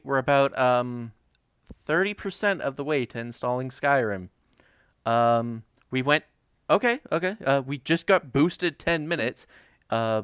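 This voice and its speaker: A woman co-hosting a livestream, giving relaxed, matter-of-fact updates with plenty of fillers. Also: extremely low pitch, smooth, no room sound, clean studio sound. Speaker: stream co-host. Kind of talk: casual stream chat.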